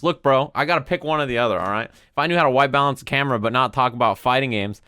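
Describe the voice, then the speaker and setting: A streamer and fighting game commentator in his twenties chats casually from a home room with a window, laid-back, rambling and profane, often adding "right?" to his sentences. His mid-range voice is sharp and clean, moving quickly with hardly any pauses, and there's no room sound.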